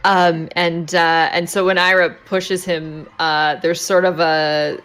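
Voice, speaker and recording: A woman's voice: on the low side, little pitch movement, takes it slowly, a bit bright, clean tone, faint music behind. A woman narrating a tabletop game as game master, with lots of hesitant ums and uhs.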